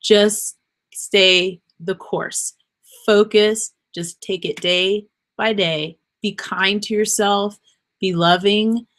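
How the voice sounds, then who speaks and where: Woman rambling thru a heartfelt pep talk, kinda choked up, mid pitch. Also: steady tone, slow, a bit bright. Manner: earnest, rambling, encouraging. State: emotional, near tears. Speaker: podcast host. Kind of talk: unscripted motivational monologue.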